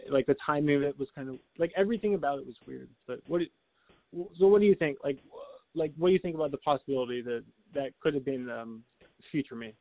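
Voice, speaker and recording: A man's voice: mid-range voice, fast talker, no room sound. Rambling man on a tinny line. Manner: rambling storyteller, lots of likes and restarts, laughs often. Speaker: podcast co-host. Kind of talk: casual chat.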